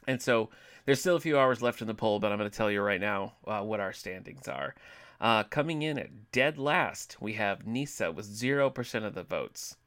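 A man's voice: fairly low pitch, expressive, normal speed, fairly bright tone. Easygoing man co-hosting a podcast. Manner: easygoing, reads out listener poll results. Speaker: podcast co-host. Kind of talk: casual chat.

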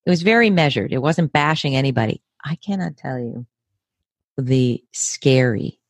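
A woman's voice: extremely low pitch, lively intonation, no room sound, clean studio sound. Emphatic American woman in her fifties. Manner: measured, emphatic, repeats words for stress. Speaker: interview guest. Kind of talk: earnest conversational interview.

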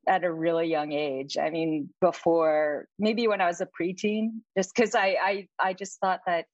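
A woman journalist answering interview questions, lively and often laughing. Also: fairly low pitch, normal speed, dry recording, highs cut off. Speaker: guest, journalist.

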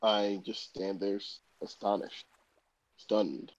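A man's voice: fairly low pitch, takes it slowly, dry recording, lo-fi sound. A man playing a tabletop game, answering briefly and a little hesitantly. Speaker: player. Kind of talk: casual in-character play.

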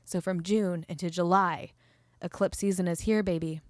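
Upbeat low-voiced woman podcast host. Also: fairly even intonation, normal speed, darkish tone, dry recording, clean studio sound. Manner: upbeat and playful. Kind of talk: casual chat.

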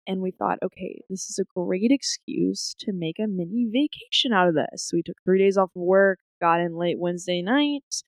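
A young woman co-hosting a podcast in casual chat, telling stories in an animated way and acting out her own thoughts. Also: medium pitch, creaky, no room sound. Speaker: podcast co-host.

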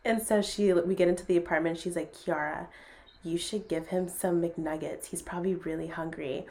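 A young woman hosts a podcast and tells a story casually and with lots of energy. She acts out every line of dialogue between bursts of laughter, and her voice sits on the low side as she talks a little fast.

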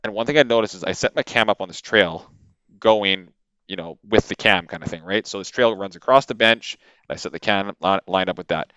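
A man from Canada, a podcast guest, telling a story in a casual, animated way with lots of fillers and repeated words, into a podcast microphone. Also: fairly low pitch, fairly quick, clean tone, no room sound, dull audio.

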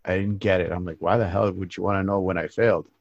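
A man with a very deep voice chats casually and rambles, restarting his phrases. The sound is dry and a little dull. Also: steady tone, fast talker, creaky, darkish tone, dry recording. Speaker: podcast host. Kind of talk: casual conversation.

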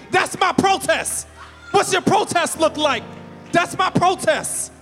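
Pastor guy preaching hard, shouting and stretching words out, faint music behind. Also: extremely high pitch, in a large hall. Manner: preaching with rising shouts and drawn-out emphasis. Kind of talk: sermon.

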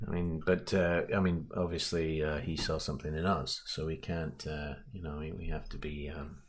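A man playing an earnest band member who talks hesitantly and politely with many pauses, in an improvised comedy interview. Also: a bass voice, flat delivery. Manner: hesitant, polite, lots of ums. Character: earnest, very deep-voiced male band member.

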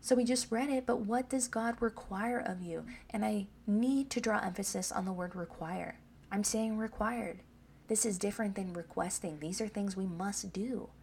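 A woman's voice: mid-range voice, normal speed, darkish tone, slight background noise. A woman preaching a sermon, reading scripture aloud and pressing her points with repeated questions to the listeners. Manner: emphatic, asks the listeners "Amen?".

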